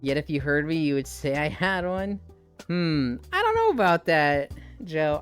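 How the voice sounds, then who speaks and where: Young woman, light midwestern accent, low voice, lively swings in pitch, tired casual stream chat, faint music behind. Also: unhurried, clear, resonant tone. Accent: light Midwestern American. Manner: tired, chatty, swears casually.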